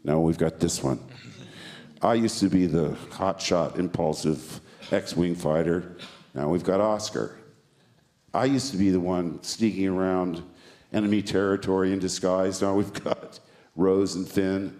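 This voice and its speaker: A very deep-voiced older man fields questions at a press conference. He answers with dry, self-mocking humor. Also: steady tone, unhurried, darkish tone. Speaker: actor on a press panel.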